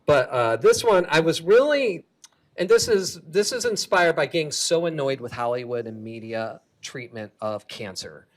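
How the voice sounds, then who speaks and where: A man giving a keynote talk as a comic artist, lively and chatty, laughing often. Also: fairly high pitch, moderate pace. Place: conference hall stage.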